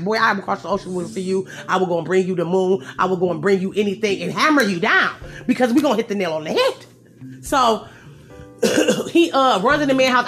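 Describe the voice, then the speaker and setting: A young adult woman casually telling a story to her viewers, with lively swings from loud outbursts to low asides. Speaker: storyteller vlogger.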